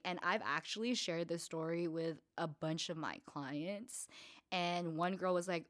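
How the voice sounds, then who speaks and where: Profane, chatty young woman hosting a podcast. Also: moderate pace. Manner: profane, chatty, many fillers; acts out quoted people with shifting pitch and loudness. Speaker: podcast host. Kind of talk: casual storytelling podcast.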